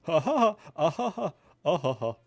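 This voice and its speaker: A man doing an impression of a dim, goofy cartoon boy, loud and cackling. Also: on the high side, very animated, normal speed, gravelly, no echo, voice pushed up, full character voice.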